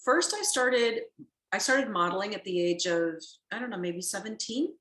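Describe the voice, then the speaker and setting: A middle-aged actress, a guest in a casual interview, telling stories in a rambling, self-correcting way and laughing easily. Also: female voice, medium pitch, animated, normal speed, fairly bright tone. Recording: echoey room.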